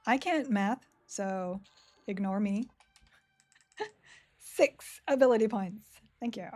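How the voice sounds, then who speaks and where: Faint music plays behind a woman who streams a game and reads chat, speaking slowly in a medium-pitched, darkish voice. She is chatty and giggly, with a self-mocking streak.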